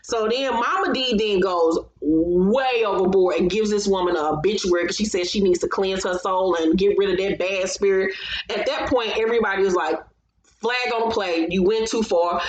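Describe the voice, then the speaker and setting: A woman's voice: medium pitch, lo-fi sound. Blunt, profane woman recapping in a roomy echo. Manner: blunt, profane and emphatic, often laughing. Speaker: channel host recapping a reality show. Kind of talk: casual commentary recap.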